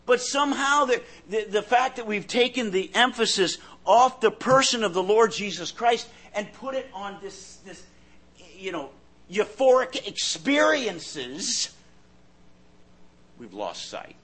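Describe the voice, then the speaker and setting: A man preaching a sermon in an earnest way, often repeating words as he searches for the next thought, his loudness rising and falling. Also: high voice, expressive, unhurried, husky.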